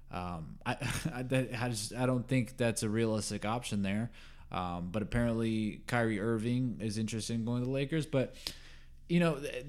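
A man hosting a solo sports podcast, talking in an opinionated, rambling way with many fillers and restarts, rising in pitch and volume when he gets heated. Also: darkish tone. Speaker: podcast host.

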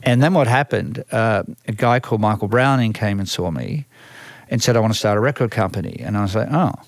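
A man's voice: on the low side, fairly quick, dry recording. A man with an Australian accent telling stories from his work as a music manager, acting out other people's lines and often restarting his sentences. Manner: lively, acts out quoted voices, frequent restarts. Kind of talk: storytelling conversation.

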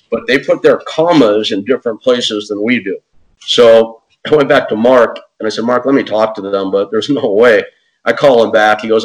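Animated man telling a story. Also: medium pitch, rough recording. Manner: animated, acts out quotes in other voices; says "man" and "dude" often. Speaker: interview guest; podcast host. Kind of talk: casual storytelling.

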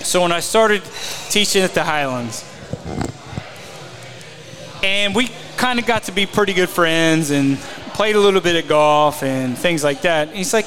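A man's voice: fairly high pitch, normal speed, pauses often, fairly bright tone, faint music behind. A man on a podcast, a former mini tour golfer, telling rambling self-mocking stories in casual chat.

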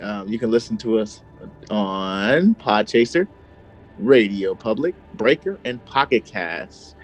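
A man's voice: fairly low pitch, lively intonation, slow, faint music behind, poor audio. A man co-hosting a true crime podcast, talking in a casual, slangy way and laughing often. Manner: laid-back, laughing, slangy. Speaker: podcast co-host. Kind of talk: casual chat.

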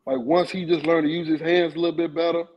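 A man's voice: fairly high pitch, level tone, fast talker, muffled recording. A man talking loosely and in slang, repeating himself, as a panelist on a casual sports podcast.

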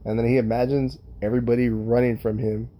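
A man hosting a podcast alone, talking in a profane, rambling, animated way with his own kids in mind. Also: medium pitch, fast talker, highs cut off. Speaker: podcast host. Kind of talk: casual solo monologue.

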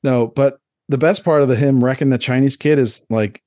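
A man in his thirties co-hosting a podcast, rambling through crude, animated comedic stories in casual chat. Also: mid-range voice, moderate pace, no room sound, studio quality. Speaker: podcast co-host.

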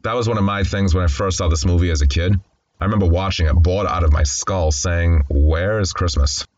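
A man's voice: low voice, brisk, a little mellow, muffled recording. A man casually recapping a classic film, candid and conversational with wry asides. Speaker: film commentator.

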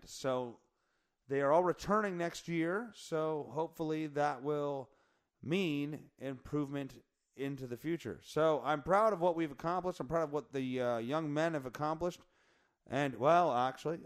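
A man hosting a podcast in a casual, joking chat. His voice is hoarse, and he rambles and corrects himself often. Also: a little high. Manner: rambling, self-correcting, jokey. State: hoarse from singing in the car. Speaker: podcast host.

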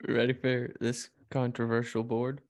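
A man's voice: mid-range voice, monotone, unhurried, no echo, clean studio sound. A laid-back man co-hosting a casual podcast who laughs often. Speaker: podcast co-host.

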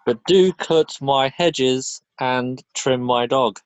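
A man's voice: mid-range voice, takes it slowly, no echo. A man co-hosting a podcast in casual chat, making dry joking asides. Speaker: podcast co-host.

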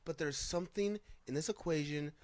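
A man with a somewhat high voice talks in a relaxed group conversation. He questions claims skeptically and works through his reasoning aloud. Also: brisk, no room sound. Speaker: podcast co-host and former wrestler. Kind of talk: casual group discussion.

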